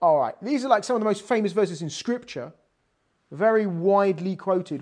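A woman's voice: mid-range voice, normal speed. A woman giving a conversational scripture lesson, explaining verses and acting out the quoted lines with attitude. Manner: animated, acts out quoted lines with sass. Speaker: Bible teacher.

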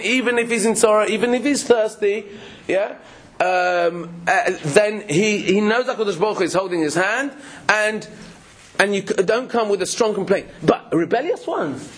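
Husky man teaching a Torah class. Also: high-pitched, a bit bright. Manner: explains with questions, many restarts, frequent laughs. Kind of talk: Torah class explaining Rashi.

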